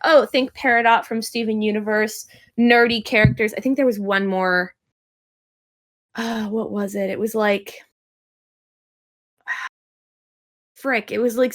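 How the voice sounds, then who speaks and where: A woman's voice: a little high, a bit bright. A young adult woman, a voice actress, chatting casually and bubbly in an interview, with lots of fillers and laughter.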